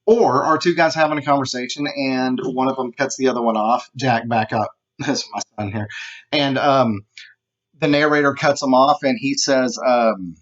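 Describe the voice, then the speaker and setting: A man of middle pitch gives a casual lesson to students, chatty and informal, often checking in with "okay". The recording is muffled and lo-fi, as if made at home. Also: moderate pace. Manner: conversational, repeats "okay", acts out examples. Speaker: teacher.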